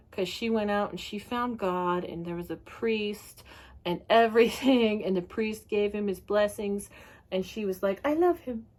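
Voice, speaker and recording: A woman's voice: mid-range voice, darkish tone. A woman giving a casual, ranting book review, talking in a chatty, sweary way and laughing often.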